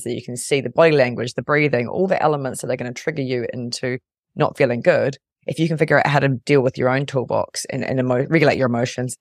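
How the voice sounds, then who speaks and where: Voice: mid-range voice, vocal fry, dry recording, clean studio sound. A podcast host and resilience coach talking earnestly and reflectively in a casual chat.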